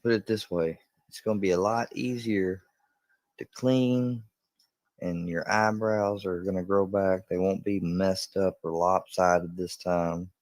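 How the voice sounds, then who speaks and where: A man's voice: sits low, steady tone, unhurried, a little mellow, no room sound. A man on a casual livestream, rambling loosely with lots of fillers and cooing tenderly to his dog. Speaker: livestreamer reacting to news clips. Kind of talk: casual chat.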